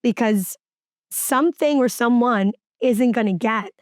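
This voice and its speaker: Emphatic opinionated woman host, slightly high. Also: a little slow, dry recording, clean studio sound. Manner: emphatic and opinionated, building a point step by step. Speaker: podcast host. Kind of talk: casual podcast chat.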